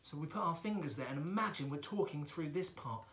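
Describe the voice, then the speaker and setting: Role: children's drama teacher. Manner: chatty, playful. Pitch: lively. Room: echoey. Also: male voice, a little fast, hardly any pauses.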